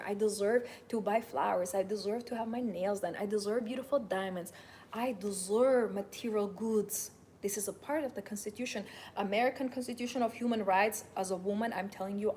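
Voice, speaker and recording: A femininity and wealth coach speaks directly to viewers during a motivational livestream, coaching them with emphatic, repetitive declarations of their rights. Her mid-range voice is darkish, with slight background noise.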